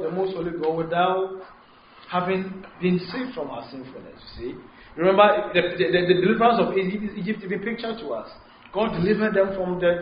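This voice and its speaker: A man preaching a sermon, mixing English and Twi, halting and repeating words as he restarts. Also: sits high. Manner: switches between English and Twi mid-sermon. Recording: echoey room, dull lo-fi, faint hiss.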